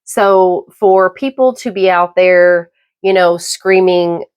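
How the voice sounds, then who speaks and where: A middle-aged woman hosting her own podcast, talking through a personal, opinionated monologue in a halting, emphatic way. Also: lowish voice, darkish tone, clear, resonant tone. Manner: emphatic, halting with repeated restarts. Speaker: podcast host.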